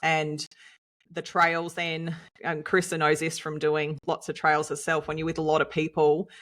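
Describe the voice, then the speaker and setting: Bright, chatty Australian woman. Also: low-pitched, normal speed. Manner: lively, chatty, laughs often while recounting. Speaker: podcast co-host and nutritionist. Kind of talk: casual storytelling chat.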